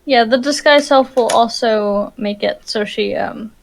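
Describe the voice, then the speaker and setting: A woman's voice: fairly high pitch, unhurried, creaky, a little hiss or hum. A woman playing a tabletop game, explaining her moves with hesitant fillers. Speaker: player. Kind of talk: casual tabletop play.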